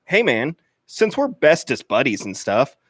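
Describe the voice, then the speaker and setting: A man's voice: mid-range voice, huge pitch swings, measured pace, a bit bright, dry recording, clean studio sound, full character voice. A man playing a clingy, needy teenage boy in a comedy radio skit, talking in a whiny, overeager sing-song. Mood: eager.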